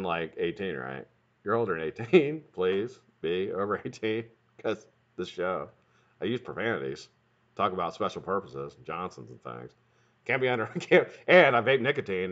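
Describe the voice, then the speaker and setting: A man hosts his own live stream, talking quickly and cussing freely as he greets viewers by name. His pitch bounces all over, and the sound is dull and lo-fi. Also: fairly bright tone. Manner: fast-talking, profane, greets chat by name. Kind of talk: casual live-stream chat.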